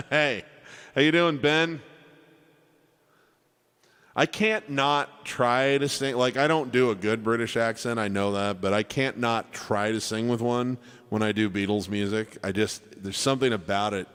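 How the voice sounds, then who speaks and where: A man's voice: mid-range voice, steady tone, measured pace, fairly bright tone, smooth, in a large hall. A man hosting a live piano stream, chatting casually with viewers and greeting them by name. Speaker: livestream piano player and host. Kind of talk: casual chat with livestream viewers. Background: piano playing.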